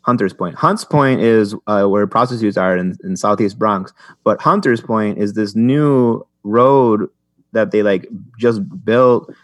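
A man's voice: fairly low pitch, a little slow, no echo. Rambling young man, dry close sound. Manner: rambling storyteller, many restarts and fillers. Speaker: podcast guest. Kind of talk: casual chat.

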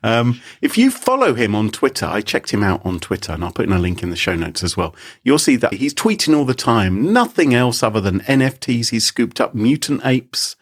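A man co-hosting a podcast, telling a story in a casual, animated way and laughing often. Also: mid-range voice, normal speed, hardly any pauses, breathy edge. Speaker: podcast co-host. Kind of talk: casual chat.

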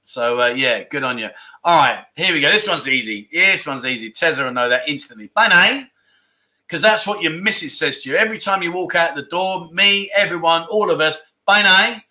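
A man's voice: on the high side, a little fast, pushed and bright. A man hosting a casual livestream, reading viewer comments aloud and joking with the chat, laughing often. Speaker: livestream host. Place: room at home with aircon.

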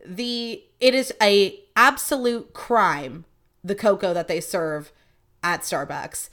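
A woman's voice: mid-range voice, slow, a bit bright. A young woman hosting a podcast, telling stories in a chatty, profane, casual monologue. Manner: chatty, profane, acts out quoted voices. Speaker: podcast host.

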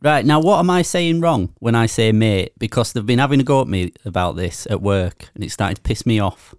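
A man's voice: fairly low pitch, lively intonation, fairly quick, clear, resonant tone, no echo, studio quality. A man with a Yorkshire accent co-hosting a casual podcast chat, grumbling and swearing as he complains. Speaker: podcast co-host.

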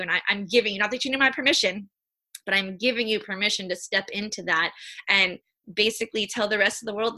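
Bright, high-energy woman guest. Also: quick pace. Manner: high-energy, animated, earnest. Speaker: human design reader, podcast guest. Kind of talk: casual interview chat.

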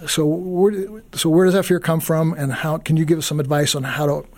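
A man's voice: fairly high pitch, fairly even intonation, normal speed, a little mellow. A man hosting a faith talk show, asking long, rambling questions. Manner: asks long questions with restarts. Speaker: host.

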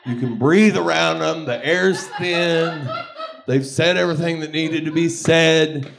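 A man doing a stand-up comedy set, crude and animated, often laughing between lines. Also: on the high side, unhurried, vocal fry, over music. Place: comedy club stage.

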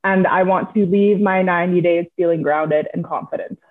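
A woman's voice: fairly low pitch, steady tone, normal speed. A woman guest in a casual interview, a coaching client who talks in an earnest, upbeat way and laughs easily. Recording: tinny call line.

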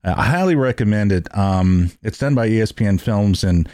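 Man, podcast host, casual chat, rambling, self-correcting, low voice. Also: lively intonation, brisk, dark tone, no echo, studio quality.

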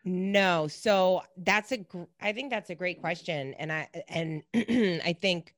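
A woman talking casually as a podcast guest, lively and given to acting out her own thoughts. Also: fairly low pitch, takes it slowly, dry recording, studio quality. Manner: animated, acts out her own thoughts in quoted voices. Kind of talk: casual conversation.

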